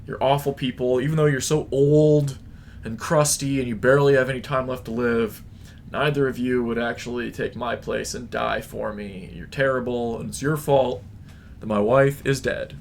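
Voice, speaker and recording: A man voicing a whiny, self-pitying young king who yells petulantly. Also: medium pitch, steady tone, normal speed, vocal fry, slight background noise, natural voice. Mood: resentful. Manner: petulant yelling.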